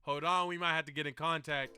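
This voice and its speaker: A man's voice: fairly high pitch, fast talker, a little hiss or hum. A young man streaming and reacting to videos, chatting casually with lots of slang like bro and gang. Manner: slangy and animated, calling the listener bro and gang.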